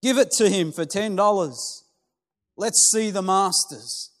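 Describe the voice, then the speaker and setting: A man voicing an impatient male bidder at an auction who shouts indignantly. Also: high-pitched, unhurried, pitched above the performer's own voice. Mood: angry shouting. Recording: long hall reverb with soft music.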